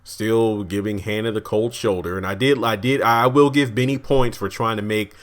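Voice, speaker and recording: A man with a slightly low voice reviews a TV episode in a loose, chatty way. He rambles, restarts his sentences and keeps breaking into chuckles as he talks. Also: fairly even intonation, normal speed. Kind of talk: casual video review.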